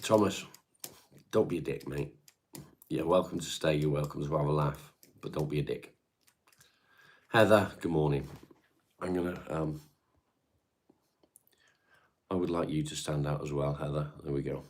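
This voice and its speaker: A man's voice: extremely low pitch, moderate pace, long pauses. A middle-aged man with a Devon English accent, chatting casually and bluntly on a home livestream, swearing freely and answering viewers. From England. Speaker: livestream host reading chat. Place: his home.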